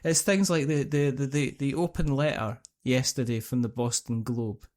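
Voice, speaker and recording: A man's voice: medium pitch, steady tone, moderate pace, a little mellow. Scottish guy in his middle years chatting on a podcast, rambly, keeps restarting his sentences. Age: middle-aged. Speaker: podcast host. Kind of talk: casual chat.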